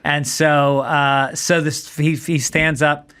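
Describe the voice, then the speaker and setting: A middle-aged male comedian tells a story on a podcast, acting out the back-and-forth of each exchange. His voice sits slightly high for a man, and his delivery stays conversational. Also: slow pace, clean tone. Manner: animated anecdotal storytelling, acts out dialogue. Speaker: comedian guest. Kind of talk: casual chat.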